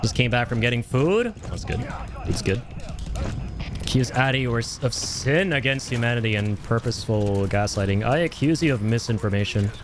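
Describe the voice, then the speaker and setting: A man streaming a video game live, chatting with his viewers, swearing and yelling at the game as he plays. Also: medium pitch, moderate pace, noisy background. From Canada. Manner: excitable, swears and yells at the game. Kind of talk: casual live-stream gaming chat.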